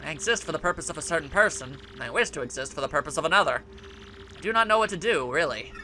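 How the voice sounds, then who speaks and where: A man voices an earnest, polite computer from a video game, speaking in a formal, stilted way. His voice is bright, with lively swings in pitch. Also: fast, slight background noise. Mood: troubled. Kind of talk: let's play voice acting.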